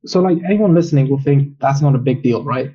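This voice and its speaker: Man, interview guest, calm, explanatory, mellow dark tone, lo-fi muffled sound. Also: medium pitch, brisk. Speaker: trader guest. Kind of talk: interview answers. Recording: dull lo-fi audio.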